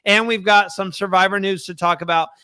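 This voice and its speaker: Bright, high-voiced young man co-hosting. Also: fairly quick, clear, resonant tone, no echo, clean studio sound. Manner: animated, reads chat comments aloud. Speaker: podcast co-host. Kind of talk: casual chat.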